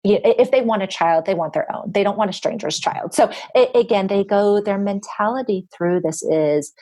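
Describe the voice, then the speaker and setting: A woman's voice: medium pitch, moderate pace, dark tone, no echo. A woman guest on a podcast, talking earnestly in casual conversation with many restarts. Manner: quotes others in acted voices. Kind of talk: casual interview talk.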